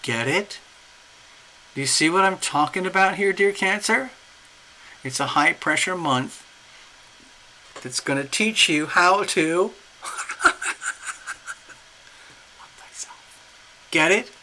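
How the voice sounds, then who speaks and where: A man's voice: sits high, unhurried, long pauses, slight background noise, poor audio. A man giving a casual, coaxing tarot reading, often checking in with "okay?". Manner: animated, coaxing, repeats "okay?". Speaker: tarot reader.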